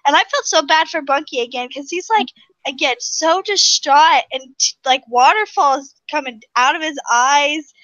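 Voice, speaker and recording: High-voiced hesitant woman, muffled line. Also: moderate pace, fairly bright tone, no room sound. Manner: hesitant, many fillers. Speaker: podcast panelist. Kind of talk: casual chat.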